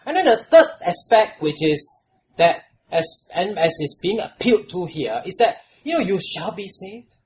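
Preacher, lively swooping pitch, loud appeals then hushed lows, faint background hiss. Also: moderate pace, poor audio. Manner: swings from loud exhortation to hushed, trailing lows; repeats phrases and asks the congregation questions. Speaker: pastor. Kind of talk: sermon.

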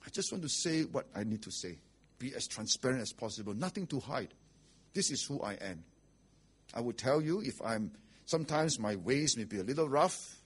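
A man's voice: mid-range voice, lively intonation, normal speed, breathy edge. A man preaching a sermon as pastor, blunt and rhetorical, often asking "okay?" and "right?".

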